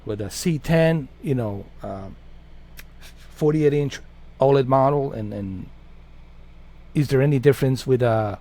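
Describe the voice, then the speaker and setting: A man's voice: mid-range voice, unhurried, long pauses, warm tone. A man hosting a gaming channel, chatting in a casual, rambling way and swearing freely.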